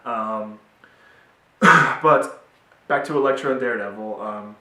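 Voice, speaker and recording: A man's voice: medium pitch, takes it slowly, pushed and bright, a little hiss or hum. Young man, casual TV recap, rambling, filler-heavy, roomy room echo, distant mic. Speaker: TV show reviewer.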